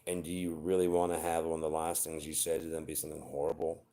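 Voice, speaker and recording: A very low-pitched man in his forties talks straight to his viewers about relationships. He is blunt and swears freely, but his advice comes across as earnest and heartfelt. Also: warm tone. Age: 40s. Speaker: vlogger. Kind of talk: unscripted personal monologue.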